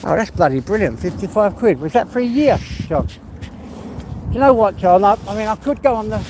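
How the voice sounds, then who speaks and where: A man's voice: sits high, very animated, fast. A man with an East London accent, chatting casually and rambling while he walks his dog on a busy street. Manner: rambling, chatty, mild swearing. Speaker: vlogger. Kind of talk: casual live chat while walking a dog. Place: outdoors on an urban street with traffic. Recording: outdoor street noise and traffic.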